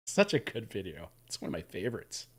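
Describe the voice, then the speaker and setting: A man's voice: fairly low pitch, slight background noise. A man hosting a casual livestream, chatting enthusiastically and thanking viewers for tips. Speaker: livestream host.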